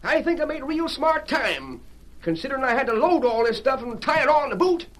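An actor playing a cantankerous old frontier handyman with a raspy, drawling voice, in 1940s radio acting style. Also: very high voice, very animated, brisk, a bit bright, exaggerated voice. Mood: defensive. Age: older. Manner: drawling, flustered, full of homespun sayings.

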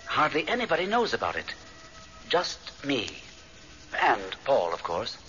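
A man's voice: medium pitch, huge pitch swings, a little slow, sharp tone, soft background music, full character voice. An actor playing a sly, teasing male ghost in a radio drama, coaxing and drawing out his words. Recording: dull lo-fi radio recording.

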